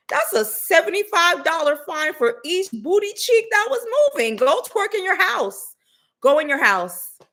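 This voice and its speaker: A woman voicing a fussy female enforcer who hands out fines, in a high, indignant, scolding voice. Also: very animated, a little slow, fairly bright tone, full character voice. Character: shrill fussy female fine-issuing enforcer.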